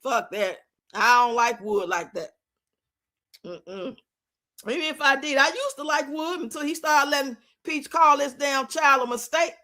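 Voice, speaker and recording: High, bright-voiced woman ranting bluntly. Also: measured pace. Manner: blunt, profane, rants and scolds with lots of swearing. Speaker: streamer and commentator. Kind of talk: casual live-stream commentary. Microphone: streaming mic.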